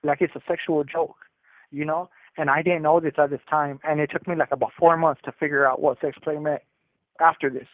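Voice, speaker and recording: A man's voice: a little high, steady tone, brisk, dry recording. Man telling a jail story on a tinny phone line. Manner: streetwise slang, rambling with restarts. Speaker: incarcerated storyteller calling in. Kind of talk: casual jailhouse storytelling over the phone.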